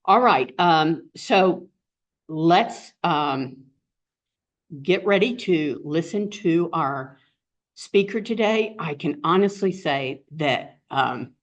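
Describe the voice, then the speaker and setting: A woman's voice: sits low, expressive, slow. Woman host of a small meeting, heartfelt and rambling, lo-fi audio. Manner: rambling, heartfelt, many fillers. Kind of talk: casual introduction at a group meeting. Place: meeting room with an audience. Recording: dull lo-fi recording.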